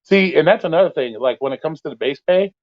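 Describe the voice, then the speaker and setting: This host of an open call-in stream has a fairly high voice and talks fast and animatedly. He's blunt, swears nonstop and rants in loose, profane chat. The audio comes over a thin, phone-like line, dry and close with no echo.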